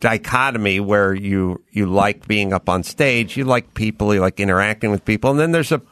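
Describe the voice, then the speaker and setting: A man's voice: lowish voice, normal speed, a bit bright, dry recording. A man hosting an interview, asking thoughtful, probing questions in a casual tone. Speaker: podcast host.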